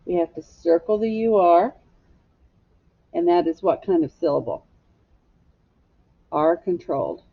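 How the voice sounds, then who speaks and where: A woman teacher leads a phonics lesson at a very slow, patient pace, stretching out each syllable for young children. Her voice sits a little low. The recording is a bit dull and lo-fi. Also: lively intonation.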